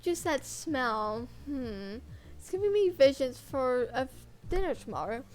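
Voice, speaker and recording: A woman voicing a sadistic male captor, taunting and loud while reading a visual novel aloud. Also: sits high, sing-song, unhurried, soft background music. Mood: gloating.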